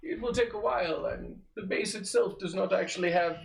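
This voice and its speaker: A man with a high voice leads an in-character tabletop role-play, speaking formally and filling pauses with hesitations. He sits back from the microphone, and the room rings around him. A faint hiss sits under the recording. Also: gravelly, echoey room, recorded from a distance, poor audio. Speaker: game master voicing a character.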